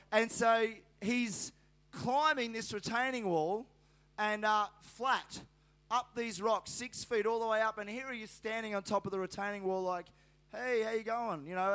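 A man's voice: high-pitched, fairly bright tone. A middle-aged man preaching a sermon, telling a rambling personal story with many fillers and restarts. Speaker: pastor.

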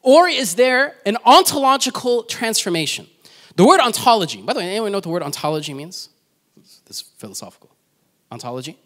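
Speaking fairly quickly, a man with a high, slightly bright voice swings widely in pitch. His sermon is conversational, built on questions to the congregation and self-mocking personal stories.

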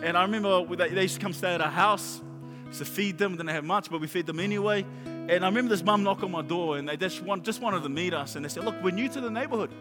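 A man's voice: high voice, fairly even intonation, fast talker. A man preaching a sermon as a pastor, telling stories animatedly and repeating phrases for emphasis. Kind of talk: sermon with storytelling. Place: large church hall. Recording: reverberant church hall with live guitar. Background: soft guitar music.

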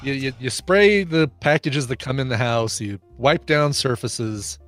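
A man's voice: medium pitch, a little slow, faint music behind. A man co-hosting a casual podcast, joking and laughing often. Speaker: podcast co-host. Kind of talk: casual chat.

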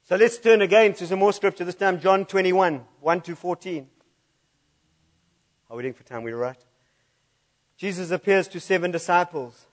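A man's voice: sits high, moderate pace, pauses often. A man preaching a sermon in a church, reading scripture aloud and laughing at his own slip-ups.

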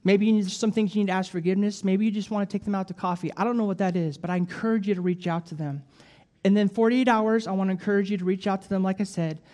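A man preaching as an evangelist, telling stories with jokes and an animated, lively delivery. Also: sits high, fast talker. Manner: animated storytelling with jokes and laughs. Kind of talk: sermon.

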